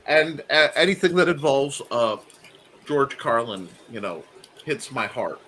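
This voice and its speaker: A man hosting a casual chat show, animated and quick to laugh, with many fillers and restarts. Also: mid-range voice, a little hiss or hum. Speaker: host.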